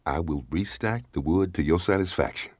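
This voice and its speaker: A man's voice: low-pitched, moderate pace, no room sound. An actor playing a down-on-his-luck divorced father, talkative and wisecracking, often laughing. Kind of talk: radio drama acting.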